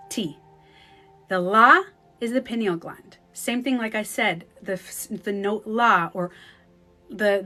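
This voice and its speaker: On a phone livestream, a spiritual coach speaks in a mid-range voice, relaxed yet lively. When she quotes someone, she performs their voice.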